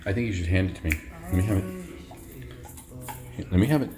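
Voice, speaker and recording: A man training his pet dog at home, giving short commands and coaxing praise that often jumps up high with excitement. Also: fast, over music.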